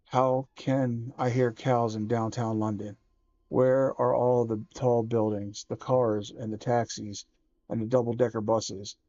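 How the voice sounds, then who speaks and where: Man reading a lost, anxious young girl; urgent questions, slow, mellow, dry sound. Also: medium pitch, flat delivery, no room sound, highs cut off, lightly acted. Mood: puzzled.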